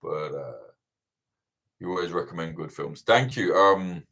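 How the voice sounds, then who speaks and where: Low-voiced man ranting, swearing freely. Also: unhurried. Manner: swears constantly, animated and ranting. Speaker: livestream host answering viewer questions. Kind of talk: casual chat.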